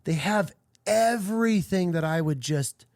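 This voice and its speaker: A man's voice: high voice, animated, unhurried, a little mellow, no room sound, clean studio sound. A man in his thirties hosting a podcast, telling a personal story in a rambling, emotional way and swearing often. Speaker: podcast host. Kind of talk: candid personal podcast talk.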